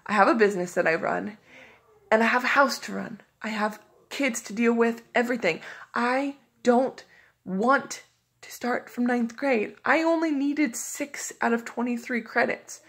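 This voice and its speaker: A woman's voice: on the high side, unhurried, fairly bright tone, breathy edge. A woman vlogging in a casual storytelling style, recounting a run of phone calls with frustration and exasperation. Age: adult.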